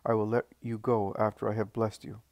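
A man voicing a gentle, serene male teacher who speaks calmly and reassuringly. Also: fairly low pitch, fairly quick, gravelly, no room sound, lo-fi sound. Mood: tender. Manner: calm, tender, reassuring.

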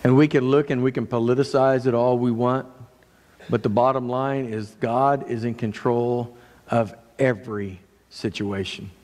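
A man's voice: mid-range voice, steady tone, unhurried. Preaching man in a reverberant church. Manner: earnest, shifting between raised and hushed delivery. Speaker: pastor. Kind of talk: sermon. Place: church sanctuary.

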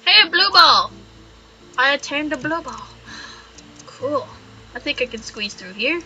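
A woman's voice: high-pitched, lively intonation, measured pace, music in the background, low-quality recording. A young woman hosting a let's play, giggling, swearing freely and reading game text aloud. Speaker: gaming channel host.

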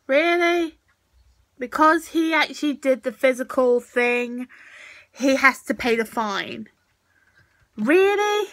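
A tipsy woman, commenting on a show she is watching, swearing freely and shouting out at the screen. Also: high voice, lively intonation, slow, long pauses. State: tipsy from drinking. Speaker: reaction video host.

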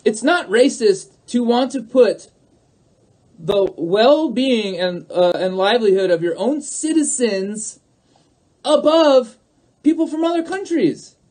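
In a very high, darkish voice with lively intonation, a male livestream host takes his time. His monologue is emphatic and full of repetition as he repeatedly calls out to the people watching.

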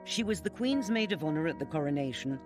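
A man narrating a documentary in a measured, formal way. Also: on the high side, animated. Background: music.

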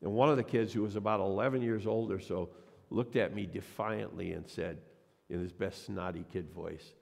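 A man's voice: low voice, steady tone, moderate pace, vocal fry, darkish tone. A man preaching a sermon as a pastor, telling a personal story and acting out the voices of the people in it. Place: church sanctuary. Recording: long church reverb.

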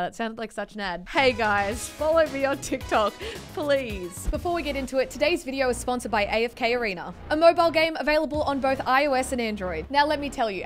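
High-voiced young woman reacting to clips. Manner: giggly, swears casually, puts on silly voices for clips. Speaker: YouTuber reacting to TikToks. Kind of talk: casual reaction commentary.

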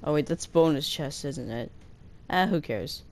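A woman hosting a gaming channel, chatting casually as she plays, breaking into excited squeals and slowly sounding out foreign words. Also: low-pitched, slight background noise. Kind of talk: casual gameplay commentary.

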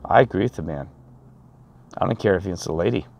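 A man with a fairly low voice talks straight to camera outdoors. He rambles from point to point, preachy and emphatic, like a rant he delivers every day. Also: a little fast, vocal fry, darkish tone. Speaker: vlogger.

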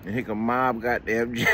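A man's voice: medium pitch, slight background noise. A man ranting casually as a commentary vlogger, heated and profane, tagging lines with "man". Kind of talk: casual rant.

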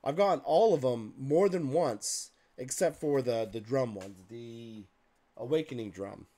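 A man hosting a card-opening video, reading card names aloud in a list with casual muttered asides, slightly hoarse and clearing his throat. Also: mid-range voice, a little slow, mellow. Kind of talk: casual pack-opening commentary.

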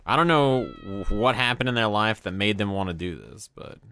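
A man's voice: fairly low pitch, expressive, moderate pace, bright, forceful tone. A man with a nasal voice, cursing and trash-talking through casual live commentary on a video game. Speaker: game streamer. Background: game music.

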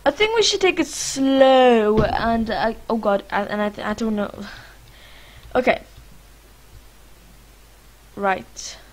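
A woman's voice: mid-range voice, low-quality recording. Young woman, gaming commentary, chatty, rambling, talks to her characters, many fillers. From Lithuania. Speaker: gaming vlogger. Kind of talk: casual let's-play commentary.

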